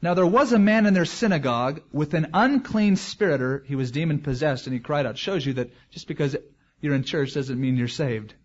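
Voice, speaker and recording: A man's voice: a little high, fairly quick, muffled recording. A man as pastor, preaching a verse-by-verse expository sermon in a conversational way with joking asides.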